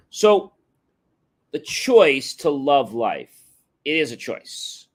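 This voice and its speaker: A man's voice: a little high, very animated, drawn-out words, pauses often. A man giving a motivational livestream talk, addressing the audience directly and emphatically, sometimes chanting catchphrases. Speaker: motivational speaker.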